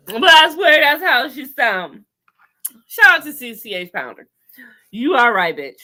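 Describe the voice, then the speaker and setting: A woman hosting a casual chat over a video call, talking in an animated, sassy way with lots of slang and laughter. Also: sits high, unhurried. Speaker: podcast host recapping a TV show.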